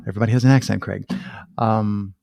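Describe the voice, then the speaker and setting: A man hosts a conversational podcast in a somewhat low voice. He riffs on ideas with animated, self-mocking asides and frequent laughter. The sound is dry, with no room reverb. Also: fast talker, creaky. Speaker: podcast host.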